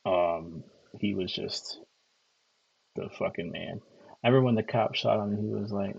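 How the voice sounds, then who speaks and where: A man's voice: on the low side, moderate pace, gravelly, pauses often, slightly rough, dull audio. A man from Connecticut talking casually and at length, loose and profane, repeating himself and filling gaps with "like" and "um". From Connecticut, USA. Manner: loose, profane, repetitive storytelling with many fillers. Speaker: streamer host. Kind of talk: casual rambling monologue.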